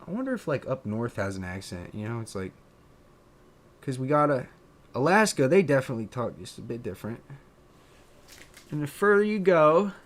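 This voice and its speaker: A man's voice: mid-range voice, very animated, moderate pace, pauses often. Rambling Pennsylvanian man, southern-tinged drawl. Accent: Pennsylvania, with a drawn-out southern drawl. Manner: rambling and musing, many fillers and restarts. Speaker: streamer and content creator. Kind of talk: casual live-stream chat.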